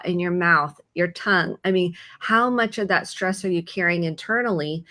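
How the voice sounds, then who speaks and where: Calm, reassuring woman therapist. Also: lowish voice. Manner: calm, reassuring, slows down when coaching. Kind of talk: conversational advice talk.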